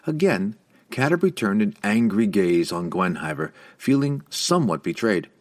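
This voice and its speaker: A man reading a fantasy novel aloud as narrator, with an expressive, varied delivery. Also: fairly low pitch, moderate pace, no room sound. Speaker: audiobook narrator.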